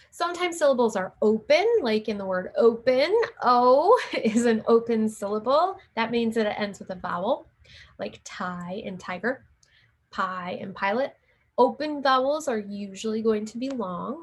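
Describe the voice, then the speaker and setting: A woman's voice: mid-range voice, gravelly, breathy edge. A woman giving a casual recorded lecture on teaching reading, with fillers and light laughs. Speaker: teacher educator.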